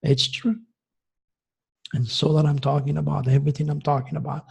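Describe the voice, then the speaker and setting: A man in his sixties from France, giving an agitated, preachy monologue that swings from loud outbursts to hushed asides. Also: on the high side, flat delivery, fairly quick, creaky, slightly rough. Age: 60s. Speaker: astrologer host. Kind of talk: impassioned monologue.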